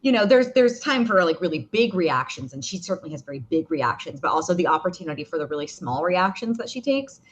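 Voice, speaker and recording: A woman voice actor talking casually in an interview, chatty with many fillers and restarts, with a slightly rough morning voice. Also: on the low side, sing-song, fast, hardly any pauses. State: morning voice, clearing throat. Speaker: voice actor guest.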